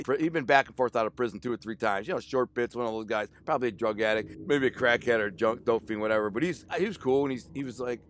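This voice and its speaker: A man's voice: medium pitch, a bit bright, a little hiss or hum. Slangy man in his forties telling stories. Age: 40s. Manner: casual, slangy, emotional retelling with quoted dialogue. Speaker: storyteller. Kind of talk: candid personal storytelling.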